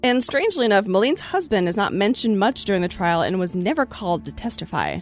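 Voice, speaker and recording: Woman host, podcast storyteller, reads history with lively asides, faint music under. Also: mid-range voice, quick pace. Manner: reads trial history, animated asides and laughs. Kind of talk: casual group podcast chat, narrating history.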